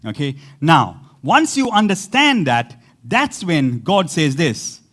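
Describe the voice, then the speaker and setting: A man preaching a sermon as pastor, animated, repeating words for emphasis and breaking into laughing asides. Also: a little high, slow.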